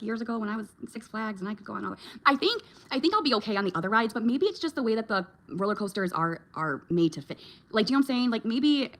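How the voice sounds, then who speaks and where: A woman, a mom, chatting casually with her viewers in a vlog, reacting to their comments and laughing often. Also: medium pitch. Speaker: vlogger and mom.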